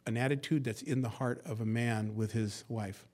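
In an expository sermon, a pastor with a steady, middle-pitched voice goes through scripture verse by verse at a moderate pace. He shifts between hushed asides and loud, emphatic verse reading, adding folksy jokes and acted-out quotes for a conversational feel.

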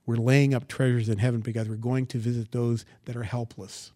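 A man preaching a sermon, asking the congregation rhetorical questions and swinging from quiet asides to loud, dramatic scripture reading. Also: medium pitch, little pitch movement, fairly quick, dry recording. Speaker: pastor.

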